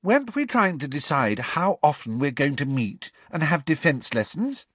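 Reader doing a practical teen girl, plain and raised, husky and dry. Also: fairly high pitch, very animated, normal speed, a bit bright, no room sound, pitched above the performer's own voice.

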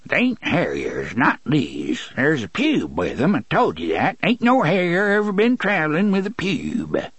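A man voicing an excitable old rustic farmer with a cracked, wavering voice and a thick rural dialect. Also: fairly high pitch, a little slow, husky, no echo, pitched above the performer's own voice, full character voice. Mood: scolding.

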